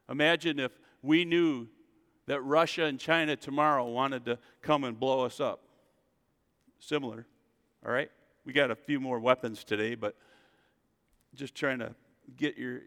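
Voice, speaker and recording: A man preaching a sermon as a pastor, reading scripture and building to loud, emphatic calls to the congregation. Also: mid-range voice, long reverb tail. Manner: preaching with rising, shouted emphasis and call-and-response asides.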